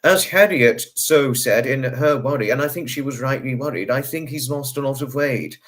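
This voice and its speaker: A man hosts a relaxed livestream, talking through viewer comments in a chatty, rambling way. His voice sits at an ordinary middle pitch but jumps up high whenever he greets someone. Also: moderate pace. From United Kingdom. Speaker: livestream host. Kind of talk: casual livestream chat, reading out viewer comments.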